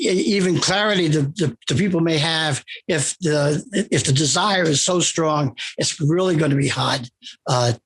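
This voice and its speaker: An older man with a husky, slightly raised voice tells stories from his career. He talks in an animated, rambling way and often restarts his sentences. He is a guest being interviewed about his work. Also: on the high side. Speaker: interview guest, comic writer. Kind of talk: anecdotal storytelling in conversation.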